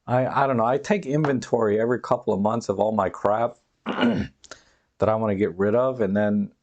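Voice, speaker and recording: A chatty man hosts a live stream from his home, reading out viewer comments and rambling between them. His voice sits a little low and sounds dark and mellow. He laughs often and wanders loosely from one thought to the next. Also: normal speed, highs cut off. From United States. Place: home, dog nearby.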